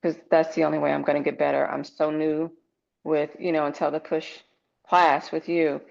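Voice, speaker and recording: Gravelly-voiced woman on a lo-fi call. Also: low voice, level tone, normal speed, a little mellow. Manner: earnest, determined. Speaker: new real estate agent in training. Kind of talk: earnest reflection on a group call. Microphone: video call. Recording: dull lo-fi call audio.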